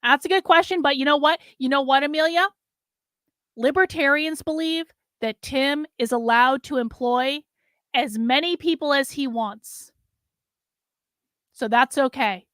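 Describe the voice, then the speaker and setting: A woman's voice: high-pitched, a little slow, fairly bright tone, no echo. A woman hosting a livestream, reacting to clips and reading viewer messages in a blunt, profane, emphatic way. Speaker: host.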